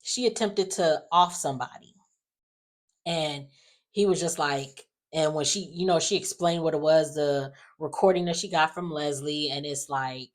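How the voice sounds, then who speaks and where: A woman chatting casually in a sassy, animated way, sighing and acting out lines in quotes. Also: low voice, moderate pace. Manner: animated, sassy, acts out characters in quotes, frequent sighs. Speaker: soap opera recap vlogger. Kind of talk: casual recap chat.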